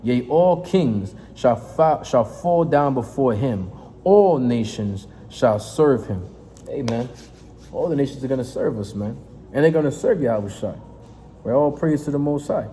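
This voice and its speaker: A man preaching in a fiery, confrontational sermon, reading scripture aloud and breaking off into profane, emphatic asides with a steady "right?". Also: medium pitch, unhurried. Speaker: street preacher. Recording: reverberant space with faint noise.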